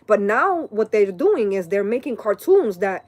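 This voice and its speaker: A woman's voice: mid-range voice, very animated, a little slow, a little mellow. A woman in her late thirties, a tarot reader ranting casually and profanely on a live stream, wandering from story to story. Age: late 30s.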